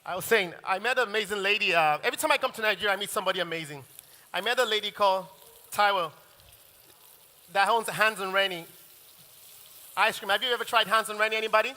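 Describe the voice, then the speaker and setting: Man chef, high voice, rambling demo patter, echoing hall. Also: fast, pauses often, bright, forceful tone. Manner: chatty and rambling, often restarts sentences. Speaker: chef teaching a cooking masterclass. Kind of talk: live cooking demonstration. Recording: long reverb of a large hall.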